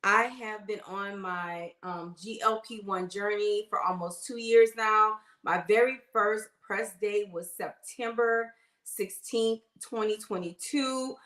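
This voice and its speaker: A woman's voice: medium pitch, takes it slowly. Woman nurse going live on her phone, lotta y'all, chatty, roomy echo. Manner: chatty, warm greetings, uses y'all. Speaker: nurse and livestream host. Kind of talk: casual livestream chat greeting viewers. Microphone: phone livestream.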